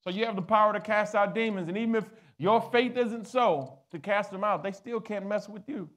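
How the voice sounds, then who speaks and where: High-voiced preaching man. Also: brisk. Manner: preaching, rising to loud exhortation, calling for responses. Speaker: pastor. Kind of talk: sermon with audience call-and-response.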